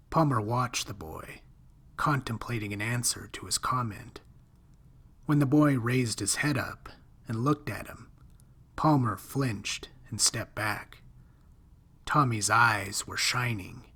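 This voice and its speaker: Slow, hushed male horror narrator. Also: on the low side, breathy edge.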